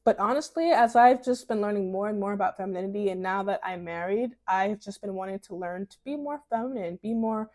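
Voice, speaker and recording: A woman's voice: medium pitch, brisk, hardly any pauses. Chatty young woman from New York. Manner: chatty and expressive, laughing often. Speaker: lifestyle vlogger. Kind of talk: casual advice vlog.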